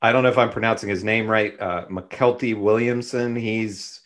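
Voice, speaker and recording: A man's voice: lowish voice, steady tone, moderate pace, a bit bright. A man co-hosting a podcast, reviewing a film in casual, laid-back chat with dry sarcasm. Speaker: podcast co-host.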